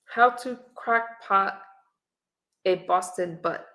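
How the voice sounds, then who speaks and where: A middle-aged woman hosts a relaxed livestream, chatting to viewers straight into her camera. Her voice is bright, and her easygoing manner holds as she reads comments and recipes aloud. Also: mid-range voice, takes it slowly. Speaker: livestream host. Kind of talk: casual live-stream chat. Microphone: webcam or phone on camera.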